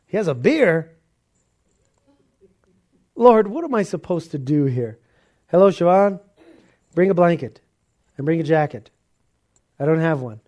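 A man preaching a casual, animated sermon, telling a story and acting out the dialogue. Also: a little high. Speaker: pastor.

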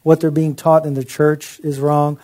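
A man's voice: fairly high pitch, flat delivery, moderate pace, dark tone. A man preaching a sermon in an impassioned, conversational way, with frequent asides to his listeners.

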